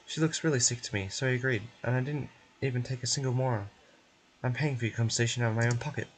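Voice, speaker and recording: A man's voice: medium pitch, steady tone, fast, close to an everyday voice. A man voicing a flustered, forgetful adult man who is running late in a fan game voice-over, with fussy, old-fashioned exclamations.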